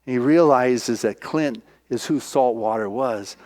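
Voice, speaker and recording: A male minister preaching, retelling a film as an animated storyteller who acts out the voices. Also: mid-range voice, unhurried.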